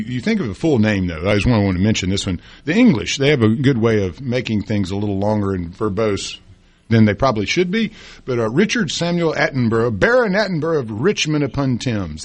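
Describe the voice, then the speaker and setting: A man talks sports on a morning radio show in a folksy, rambling way. His voice is a little husky and swings up and down a lot in pitch, and the studio sound is dry and close. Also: dry recording. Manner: chatty and folksy, with many fillers and restarts. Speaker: radio co-host. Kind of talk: casual sports chat on talk radio.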